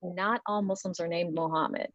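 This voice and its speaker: A woman performing a stand-up comedy set, with a dry, deadpan delivery over a video call. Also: fairly low pitch, moderate pace, no echo. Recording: dull, slightly lo-fi sound.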